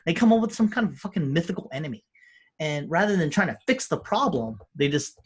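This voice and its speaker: Husky-voiced man ranting casually. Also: fairly high pitch, very animated, fairly quick. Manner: profane, ranting, mocks people in quoted voices. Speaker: podcast co-host. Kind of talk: casual chat.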